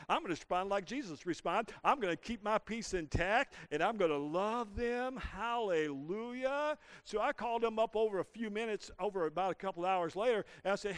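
Male pastor mid-sermon, high and smooth voice, dry close sound. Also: brisk, hardly any pauses, no echo. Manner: preaching with call-and-response to the congregation. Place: church.

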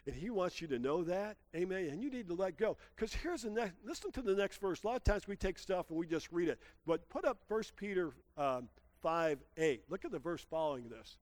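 A middle-aged male pastor telling a lively personal story in a sermon, exclaiming and calling out to the congregation. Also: high-pitched, brisk, no echo. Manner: animated storyteller, exclaims and laughs, calls out to congregation.

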